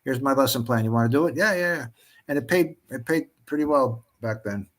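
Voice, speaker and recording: A man's voice: mid-range voice, fast talker. A man chatting casually on an online show, telling stories in a rambling way with many restarts. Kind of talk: casual chat, storytelling.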